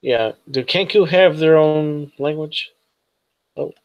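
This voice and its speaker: A man narrating as game master of a tabletop role-playing game, hesitant with many pauses and fillers. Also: fairly high pitch, no echo, highs cut off.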